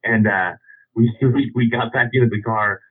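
Husky man rambling over a phone line. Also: mid-range voice, fairly even intonation, moderate pace. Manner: rambling, with many restarts and chuckles. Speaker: storyteller. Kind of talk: casual anecdote.

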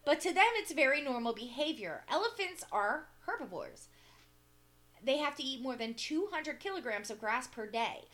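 A woman with a high, animated voice reads an article aloud in a casual podcast chat. Her tone is bright, and she stops now and then for deadpan remarks. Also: normal speed, a little hiss or hum. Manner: reads aloud with dry asides and giggles. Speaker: co-host reading articles.

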